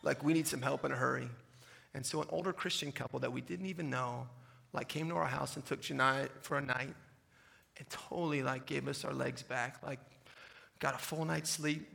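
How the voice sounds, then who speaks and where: A man in his thirties telling a personal story to an audience, acting out the dialogue in an animated way. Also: medium pitch, gravelly. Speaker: speaker sharing testimony.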